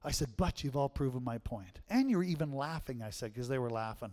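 A middle-aged man preaching a sermon as pastor, swinging from hushed tones to loud, emphatic calls. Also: mid-range voice, animated, fairly quick, few pauses. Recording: long hall reverb.

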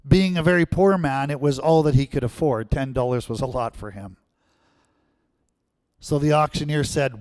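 A man's voice: mid-range voice, moderate pace, darkish tone, dry recording, clean studio sound. Preacher man asking "Amen?" between stories. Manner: rhetorical questions and repeated "Amen?". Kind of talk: sermon with storytelling.

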